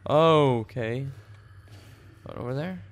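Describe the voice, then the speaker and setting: A man's voice: medium pitch, takes it slowly. A man doing livestream commentary on a horror game, with startled, jumpy exclamations and enthusiastic reactions. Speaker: streamer.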